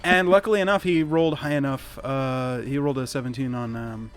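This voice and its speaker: A man's voice: medium pitch, fairly even intonation, brisk. Man game master, narrating a tabletop battle, rambling, laughing, faint music behind. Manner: laughing, rambling, self-correcting.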